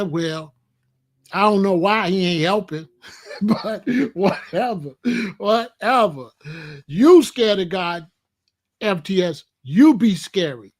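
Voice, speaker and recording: A man in his sixties talking casually on a livestream, answering chat in a blunt, emphatic way and often repeating himself. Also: high voice. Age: 60s. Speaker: host.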